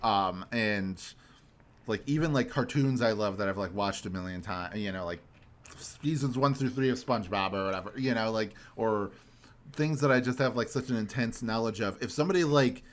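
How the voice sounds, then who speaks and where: A man's voice: lowish voice, normal speed. A young man hosting a podcast in casual chat, ranting animatedly and swearing for emphasis. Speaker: podcast host.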